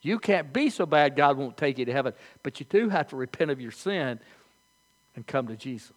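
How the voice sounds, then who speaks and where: An older man preaching a sermon as pastor, telling folksy stories with animated, halting restarts. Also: medium pitch.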